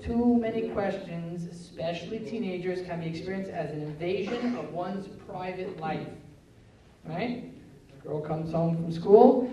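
A man giving a live talk on parenting, animated and acting out family scenes in quoted voices. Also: sits high, measured pace, a crowd in the background. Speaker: parenting lecturer. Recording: roomy echo, speaker far from the mic.

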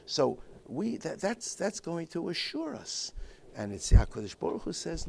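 A man teaching a Torah class in a halting way, restarting his sentences often and mixing Hebrew and Yiddish terms into his English. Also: a little high, big pitch swings, creaky, a little mellow, a little hiss or hum. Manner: halting, with many repeated restarts. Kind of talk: Torah lecture.

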